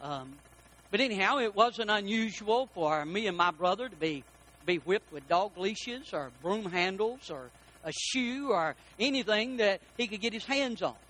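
Bright high-voiced preacher man. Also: lively intonation, rough recording. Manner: preaching with storytelling, slow emphatic stresses, quoted dialogue. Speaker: pastor. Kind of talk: sermon.

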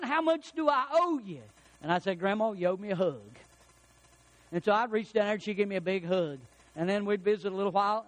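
High-voiced preacher man, folksy and emphatic. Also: low-quality recording. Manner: folksy storytelling, rising to emphatic peaks. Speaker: pastor. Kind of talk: sermon.

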